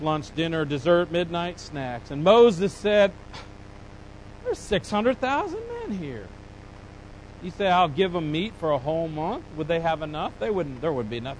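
A man preaching a sermon, animated and dramatic, acting out the complaints of biblical figures as he retells a scripture passage. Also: fairly high pitch, slight background noise, low-quality recording. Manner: animated preaching, voicing Bible figures with rising emphasis. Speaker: pastor.

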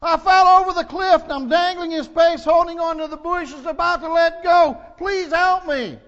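Frantic male tourist as a preacher does him, high shrill voice, pleading, long hall echo. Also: moderate pace, a bit bright, highs cut off. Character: terrified male tourist dangling from a cliff.

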